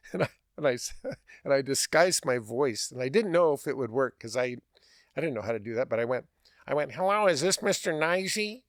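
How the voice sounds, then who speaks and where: Animated man telling a funny story. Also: medium pitch, no echo, clean studio sound. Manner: animated, laughing, quick restarts. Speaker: podcast host. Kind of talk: casual storytelling.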